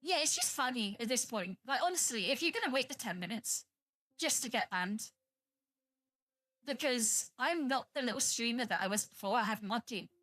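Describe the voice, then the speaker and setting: A woman's voice: fairly high pitch, animated, normal speed, pushed and bright, dry recording, clean studio sound. A young British woman streaming live, chatting to viewers in a blunt, profane, rambling way and sounding tired. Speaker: livestreamer.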